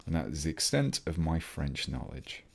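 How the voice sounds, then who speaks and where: An English man with a very low voice chats through a livestream at his workbench. He rambles easily as he works, breaking off to greet viewers and answer their comments. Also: big pitch swings, normal speed, gravelly, breathy edge. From England. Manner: chatty, rambling, reads chat aloud mid-task. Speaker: hobby livestream host. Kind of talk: casual livestream chat while building models.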